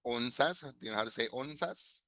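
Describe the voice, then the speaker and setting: Man, english teacher, bright voice, dry close sound, patient, repeats words. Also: mid-range voice, fairly quick, no echo, low-quality recording. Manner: patient, repeats and corrects words, praises students. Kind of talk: classroom lesson mixing English and Spanish.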